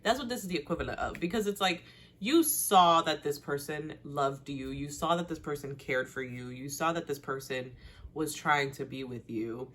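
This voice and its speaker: Chatty, low-voiced woman hosting a recap. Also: normal speed. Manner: chatty and animated, with big pitch swings and frequent laughs; blunt, slangy commentary. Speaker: host. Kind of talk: casual TV recap chat.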